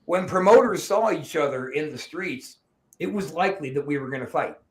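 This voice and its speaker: A brash man hosting a podcast, throwing profane, mock-boastful jabs at his guests. His voice sits slightly high for a man. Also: animated, a little fast. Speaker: podcast host.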